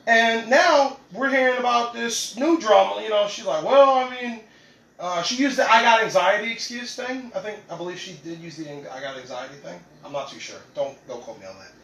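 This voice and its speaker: A man's voice: sits high, brisk, vocal fry, hardly any pauses, fairly bright tone, roomy sound, low-quality recording. A young man hosting a podcast, talking casually and animatedly, laughing often and acting out what others said. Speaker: podcast host.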